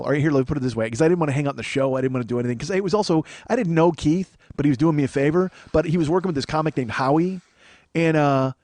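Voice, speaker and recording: A man's voice: a little high, a little mellow, dry recording. A man in his forties from Chicago, a podcast host riffing through a sarcastic, profane comedic monologue in a small studio.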